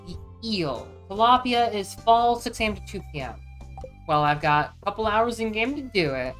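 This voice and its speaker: A woman's voice: medium pitch, expressive, normal speed, faint music behind. A woman streamer chatting casually and thinking aloud as she plays a game. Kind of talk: casual gameplay chat.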